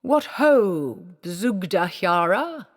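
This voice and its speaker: A woman's voice: sits low, moderate pace, a little mellow, lightly acted. A woman voicing a jovial male actor-manager, with a hearty, theatrical delivery in a long-reverb hall recording. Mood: cheerful.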